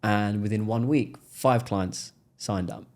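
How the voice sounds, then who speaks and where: An English man, a podcast guest, telling stories in a relaxed interview and acting out the people in them. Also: on the low side, slow. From England. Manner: animated storyteller, acts out quoted voices. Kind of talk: casual interview storytelling.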